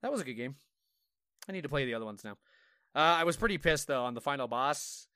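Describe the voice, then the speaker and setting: A man's voice: mid-range voice, animated, fast talker, pushed and bright, no room sound, clean studio sound. A man co-hosting a casual gaming podcast, telling stories with lots of swearing and acting out his own reactions. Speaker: podcast co-host.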